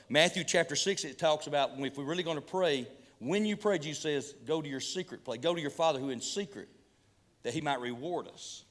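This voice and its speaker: A man's voice: on the high side, a bit bright. A middle-aged man, a pastor telling folksy hunting stories with humor and preaching, full of repeats and restarts. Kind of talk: folksy sermon storytelling. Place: church hall event. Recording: long hall reverb from a church PA.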